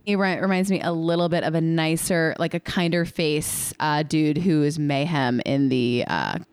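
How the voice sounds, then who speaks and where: A woman's voice: deep voice, fairly even intonation, moderate pace, clean tone, dry recording. A young woman co-hosting a podcast, chatting casually through a movie recap, saying "like" constantly and swearing freely. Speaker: podcast co-host.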